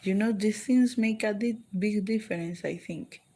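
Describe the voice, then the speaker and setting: A woman's voice: medium pitch, moderate pace, mellow. A Colombian woman with a Colombian accent chatting casually on a livestream, answering viewer comments and switching between English and Spanish. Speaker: livestream vlogger.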